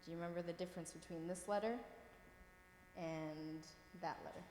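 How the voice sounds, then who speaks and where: A woman's voice: on the low side, steady tone, normal speed, a little mellow. A woman teaching a language class, reading words aloud and patiently checking that her students follow. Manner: patient, encouraging, checks in often. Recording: roomy echo with long reverb, faint room noise.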